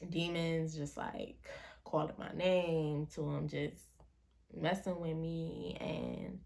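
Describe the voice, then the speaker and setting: Low, gravelly-voiced young woman telling a story. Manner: slangy, animated retelling with quoted voices. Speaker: vlogger. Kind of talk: casual storytime.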